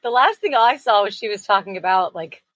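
A woman's voice: mid-range voice, animated, a little fast, fairly bright tone, dry recording. A woman co-hosting a podcast in casual chat, talking over her co-host.

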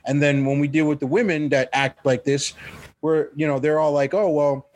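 A man's voice: on the high side, little pitch movement, moderate pace, a little mellow, no echo. A man co-hosting a podcast in casual chat, rambling and profane with many restarts. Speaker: podcast co-host.

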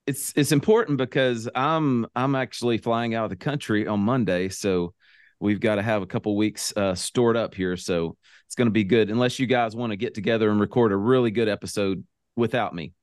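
A man co-hosts a podcast, talking with open excitement. His voice is on the low side. The sound is dry and close. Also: a little fast, clean tone, no room sound. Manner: excited, enthusiastic. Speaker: podcast co-host. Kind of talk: casual chat.

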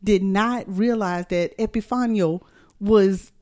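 Woman, middle-aged, co-host, casual chat, animated storyteller, laughs a lot, studio. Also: mid-range voice, slow pace. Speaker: podcast co-host.

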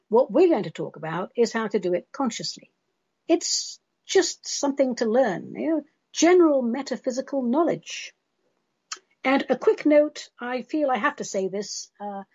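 An American woman hosts a metaphysical talk show, speaking frankly and emphatically in declarative statements. Her voice sits on the high side with a dark tone, and the recording is muffled, with no room sound.

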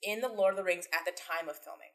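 A woman co-hosting a podcast, chatting rapidly and animatedly with lots of fillers. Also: on the low side, a bit bright. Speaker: podcast co-host. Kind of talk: casual chat.

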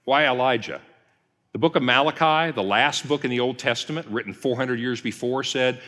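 A man's voice: mid-range voice, normal speed, pushed and bright. A man preaching a conversational teaching sermon as a pastor, telling the story and acting out quoted lines. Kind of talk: teaching sermon, Bible study session. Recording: long hall reverb.

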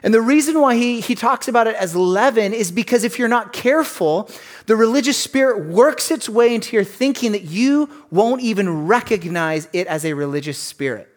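A man's voice: high voice, lively intonation, normal speed. A man preaching a sermon in a conversational way, with asides and jokes between scripture readings. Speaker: pastor.

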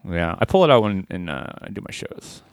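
A man co-hosting a comedic podcast, joking with some hesitant pauses. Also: sits low, big pitch swings, clean tone, no room sound, clean studio sound. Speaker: podcast co-host. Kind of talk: casual comedic chat.

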